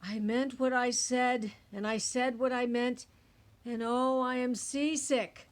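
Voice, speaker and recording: A woman voicing a faithful, gentle male elephant in a storybook reading, with an earnest, steady manner. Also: on the high side, slow pace.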